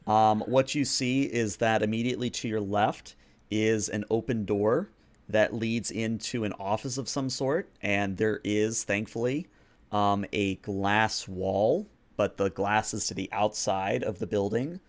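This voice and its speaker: Man, game master, lowish voice, casual scene narration, tabletop role-play. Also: unhurried. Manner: loose, conversational scene-setting with fillers.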